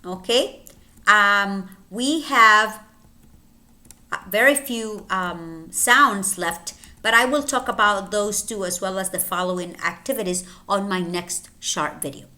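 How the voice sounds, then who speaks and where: A woman teaching English pronunciation in a slow, deliberate lesson, repeating each word carefully with pauses between items, her first language Spanish. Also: medium pitch, sharp tone.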